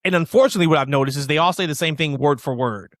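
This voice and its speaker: Man, podcast co-host, opinionated, emphatic, fairly high voice, dry close sound. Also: a bit bright, dry recording. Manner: opinionated, emphatic, rapid tangents. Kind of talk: casual wrestling podcast chat.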